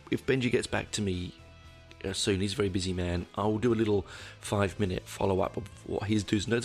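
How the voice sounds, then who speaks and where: A very deep-voiced man with a gravelly, creaky edge talks through a casual solo podcast episode. He rambles, doubles back on himself often and swears offhandedly. Faint guitar music plays underneath. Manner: rambling, with frequent restarts and swearing. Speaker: podcast host.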